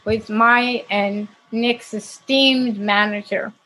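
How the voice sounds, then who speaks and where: A woman's voice: fairly high pitch, fairly even intonation, takes it slowly, pushed and bright, poor audio. A woman, an actress, casually telling anecdotes in an interview, chatty and laughing often. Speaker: actress guest.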